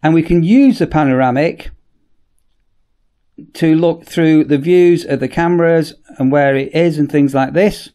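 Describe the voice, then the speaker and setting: A man giving a casual, chatty product demonstration in a workshop, often repeating "as I say" and pausing on ums. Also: fairly high pitch, mellow. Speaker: product reviewer.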